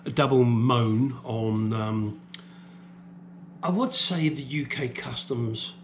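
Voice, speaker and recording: A man's voice: mid-range voice, slow, a little hiss or hum. A man from the UK delivering an angry, profane opinion rant as a vlogger.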